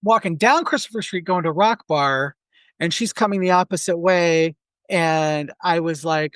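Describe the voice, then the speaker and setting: A man's voice: a little high, fairly even intonation, normal speed, a bit bright, no echo. A man in his forties, a podcast co-host, telling a long rambling anecdote in casual chat full of asides.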